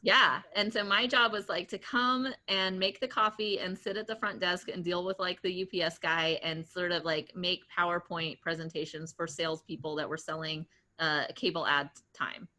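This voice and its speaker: A woman in her late thirties, a guest entrepreneur in an interview, telling stories in a chatty, animated way with lots of laughs, fillers and restarts. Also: on the low side, moderate pace. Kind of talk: casual interview storytelling.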